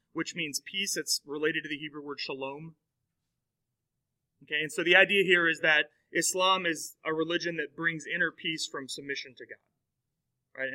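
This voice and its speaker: A man's voice: fairly high pitch, pushed and bright, poor audio. A man teaching a classroom lecture in a conversational way, full of fillers and questions to his students.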